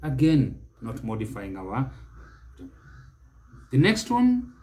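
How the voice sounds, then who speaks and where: A man with a Kenyan accent teaching English pronunciation, speaking deliberately and repeating each word for emphasis. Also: medium pitch, wildly swooping pitch, darkish tone.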